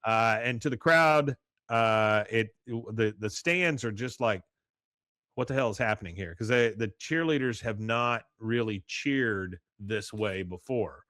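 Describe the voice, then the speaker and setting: A man's voice: fairly low pitch, measured pace, fairly bright tone, no echo, studio quality. A man hosting a podcast, casually recapping a cartoon episode with lots of fillers. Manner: rambling, many fillers, reads quotes aloud. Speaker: podcast host.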